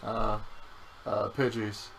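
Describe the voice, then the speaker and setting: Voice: mid-range voice, flat delivery, slow pace, vocal fry, fairly bright tone, a little hiss or hum, low-quality recording. A young adult game streamer in casual gameplay chat, teasing and swearing often. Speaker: game streamer playing through the game.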